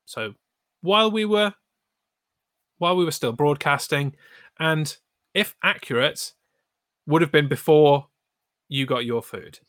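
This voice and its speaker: A man telling a story on stream in a casual, animated way, with lots of swearing and mock outrage. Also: a little high, measured pace, long pauses, no room sound, clean studio sound. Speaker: streamer co-host.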